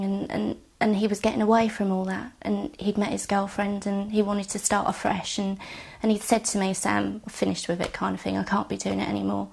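A woman giving halting, quiet testimony about her brother, often dropping near a whisper and close to tears. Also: mid-range voice. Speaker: bereaved sister giving testimony. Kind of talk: recounted personal testimony.

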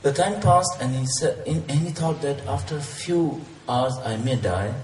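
A man's voice: mid-range voice, moderate pace, darkish tone. A man whose first language is Urdu gives a sermon in English. He talks earnestly, repeats himself and pushes his questions up for emphasis. He sounds far from the mic in a roomy, echoing space with a faint hum of ambience. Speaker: Islamic preacher.

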